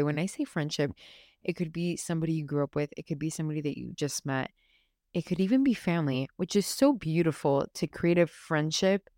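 A woman's voice: low voice, a little mellow, dry recording, clean studio sound. A young woman hosting a podcast, talking casually and from the heart, rambling with lots of "like" and restarts. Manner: rambling, heartfelt, many fillers. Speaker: podcast host. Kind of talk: casual solo chat.

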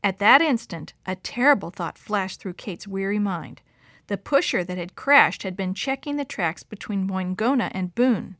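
A woman narrating a story in an expressive, dramatic reading. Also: medium pitch, normal speed, no room sound, studio quality.

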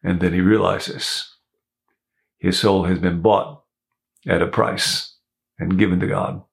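A male pastor with a low voice and plenty of gravelly fry. He preaches in a reflective, storytelling way, retelling a story for his listeners. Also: steady tone, slow. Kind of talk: sermon.

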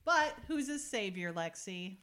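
A woman's voice: medium pitch, lively intonation, a little slow, sharp tone. Chatty woman recapping a show. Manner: laughs often, reads quoted lines in a light voice. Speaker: podcast co-host recapping a TV episode. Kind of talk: casual chat, reading script passages aloud.

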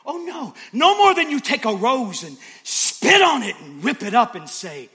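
A man preaching a sermon, swinging from hushed whispers to shouts with repetitive, emphatic phrasing. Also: extremely high pitch, big pitch swings, a little slow.

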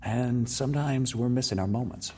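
A man's voice: mid-range voice, normal speed, warm tone, a little hiss or hum. A man telling a story as an interview guest, acting out the voices of the people in it.

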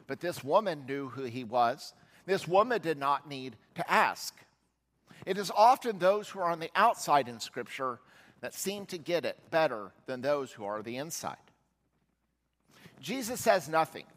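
A male pastor preaching a sermon, telling a Bible story and voicing its characters as he goes. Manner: storytelling, voicing quoted figures with shifts in pitch and loudness. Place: church sanctuary. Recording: long church reverb.

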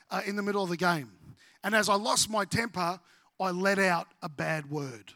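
A middle-aged Australian man, a pastor preaching a sermon with humorous, animated storytelling. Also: high voice, moderate pace, no room sound.

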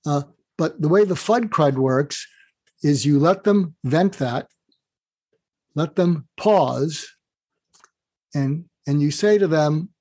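Older guy talking fast and lively, higher voice, dry close sound. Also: no room sound. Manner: animated, acts out quoted dialogue. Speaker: guest author. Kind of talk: podcast interview, explaining advice.

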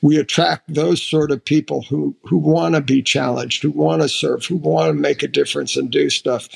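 An older American man, a retired admiral, telling stories in an interview, halting with restarts and lively when quoting others. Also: a little high, gravelly. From United States. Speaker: podcast guest, retired admiral. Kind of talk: casual interview storytelling.

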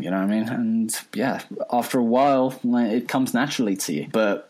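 A man's voice: mid-range voice, lively intonation, a little fast, hardly any pauses, a little mellow. A man, a guest in a casual chat, talking hesitantly with many fillers.

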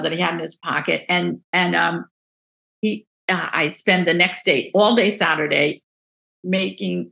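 A woman with a New Jersey accent, a book designer telling stories in a casual interview, animated and full of restarts. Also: lowish voice, gravelly, low-quality recording. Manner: animated, acts out quoted voices, many restarts.

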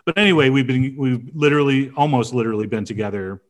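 A man's voice: medium pitch, fast. Middle-aged guy rambling thru a story on a podcast, lots of uh and you know, regular mid voice. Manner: rambling anecdotes with many fillers and restarts. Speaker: podcast co-host, chef. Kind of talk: casual storytelling chat.

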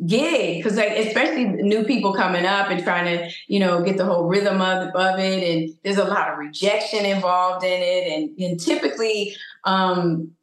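A woman's voice: on the low side, normal speed. Thoughtful woman guest in an echoey room. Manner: thoughtful, hesitant, uses many fillers. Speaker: actress, podcast guest. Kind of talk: interview conversation.

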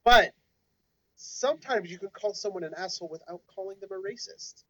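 A man's voice: high-pitched, brisk, fairly bright tone, muffled recording. A man co-hosting a podcast in a casual discussion, explaining his points at length in a lecturing way. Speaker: podcast co-host.

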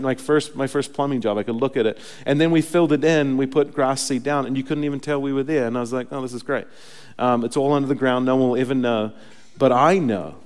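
A young adult male pastor with a medium-pitched, darkish voice preaches a sermon in a church sanctuary. He starts out telling stories casually, then builds into emphatic preaching, and the church hall's long reverb carries through the recording.

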